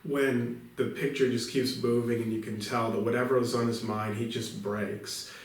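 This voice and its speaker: A man co-hosting a podcast, explaining a film in a measured, thoughtful way. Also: mid-range voice, little pitch movement, very echoey, recorded from a distance. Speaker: podcast co-host. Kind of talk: casual film review chat.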